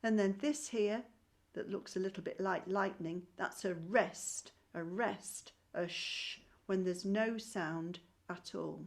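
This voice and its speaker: A woman's voice: mid-range voice, takes it slowly. A woman teaching a primary school music lesson online, patient and encouraging, clapping and chanting rhythm syllables. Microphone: screen-shared video call.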